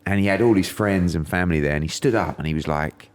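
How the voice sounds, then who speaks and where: A man's voice: deep voice, fast talker. A middle-aged man from England, a podcast guest telling a story in casual chat and acting out quotes in raised voices.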